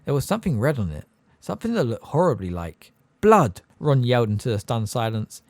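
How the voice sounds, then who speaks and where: Give me a male audiobook narrator with an expressive, lively storybook delivery. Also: mid-range voice, brisk, no echo. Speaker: audiobook reader.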